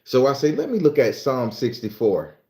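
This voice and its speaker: A man's voice: mid-range voice, huge pitch swings, moderate pace, darkish tone, roomy sound. A man from southern Florida with a Southern American accent, hosting a casual livestream and chatting loosely with viewers, stumbling when he reads aloud. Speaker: livestream host.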